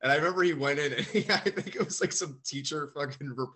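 Bright-voiced man telling stories. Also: on the high side, quick pace, husky. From United States. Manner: swears a lot, animated storytelling. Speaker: podcast co-host. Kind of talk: casual comedic chat.

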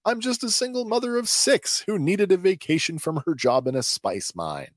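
A man voicing a frantic woman who was posing as an imperial officer, pleading and rushed. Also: deep voice, animated, a bit bright, dry recording, clean studio sound.

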